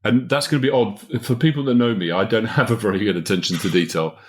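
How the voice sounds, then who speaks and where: A podcast host and business consultant offers career advice in a casual yet emphatic way, chuckling often. His voice is on the low side, and he talks fast.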